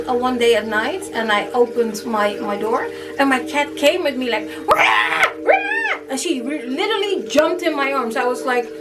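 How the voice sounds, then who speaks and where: High-voiced woman telling a spooky story. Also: recorded from a distance, poor audio. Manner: animated, acts out her own past reactions, many "like" fillers. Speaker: storytime YouTuber. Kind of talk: casual storytelling to camera.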